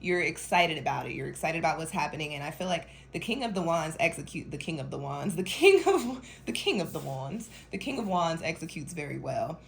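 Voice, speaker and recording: A young woman from Denver talks through a weekly tarot reading in a low, gravelly voice. She rambles casually and laughs often. Faint noise sits under the recording. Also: brisk, few pauses, a bit bright. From Denver, Colorado. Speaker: tarot reader.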